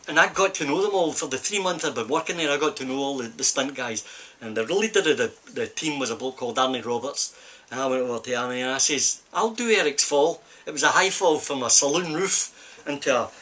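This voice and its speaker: A man's voice: medium pitch, fast, bright, forceful tone. Older Scottish man telling a long story. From Scotland. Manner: rambling anecdotal storytelling with repeated "I says". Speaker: film stuntman. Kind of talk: casual storytelling interview. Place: film set during a break.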